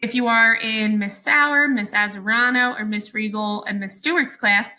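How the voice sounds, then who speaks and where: Bright, patient woman teaching phonics. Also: fairly high pitch, fairly even intonation, poor audio. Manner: slow, clear, patient instruction with pauses. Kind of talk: recorded phonics lesson for young students.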